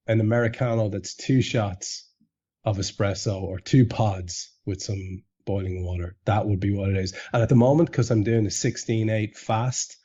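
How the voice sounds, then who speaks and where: A man's voice: fairly low pitch, mellow. A man hosting a casual podcast chat, often stammering and restarting his sentences and swearing offhandedly. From England. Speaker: podcast host. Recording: dull lo-fi podcast audio.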